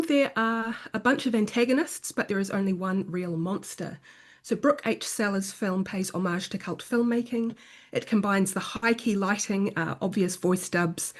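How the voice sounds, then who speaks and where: A woman delivers a guest lecture from home. She talks in a lively way, leaning on fillers as she goes. Her voice sits at an everyday middle pitch. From New Zealand. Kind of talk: academic talk.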